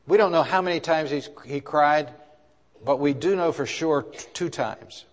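A male pastor preaching a sermon, rising and falling in loudness and asking the congregation questions. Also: fairly high pitch, moderate pace. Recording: long hall reverb.

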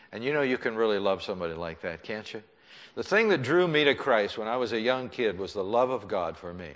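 A male pastor preaching an impassioned sermon in a church, swinging between loud pleading and hushed, soft tones. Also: fairly low pitch. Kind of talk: sermon with altar call. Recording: long church reverb.

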